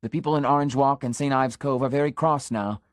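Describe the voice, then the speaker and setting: A man's voice: medium pitch, fairly quick, darkish tone, dry recording, clean studio sound, close to an everyday voice. A man reading the part of an earnest, scandalized middle-aged country constable who delivers an urgent, conspiratorial warning. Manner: urgent, conspiratorial warning, drops to a stage whisper. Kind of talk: audiobook character reading.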